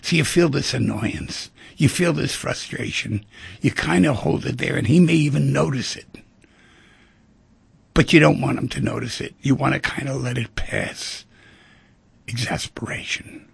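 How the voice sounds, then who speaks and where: At a moderate pace, the talk-show host speaks in a medium-pitched, gravelly, slightly rough voice over a dry recording. He works through relationships and feelings conversationally, voicing the people in his little scenes.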